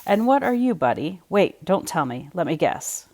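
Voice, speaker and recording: A woman voicing an excitable prickly male creature who plays a bossy pirate captain in a storybook. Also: moderate pace. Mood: playful. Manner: exclamatory, high and bossy.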